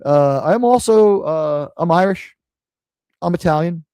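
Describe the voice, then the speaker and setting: This New York City streamer has a fairly high, warm voice with lively intonation, speaking unhurriedly over a clean, echo-free recording. His casual live-stream rant is profane, sarcastic and wandering.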